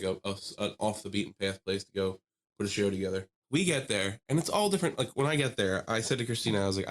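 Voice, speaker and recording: A man co-hosting a podcast, telling a long story in casual chat with lively animation, often laughing and mimicking the people he quotes. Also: on the low side. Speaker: podcast co-host.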